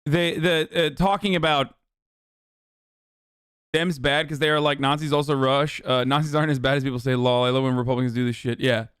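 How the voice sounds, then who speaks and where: A man's voice: mid-range voice, little pitch movement, a little fast, fairly bright tone, smooth, dry recording, clean studio sound. A man streaming a casual reaction commentary, blunt and profane, with scornful laughs.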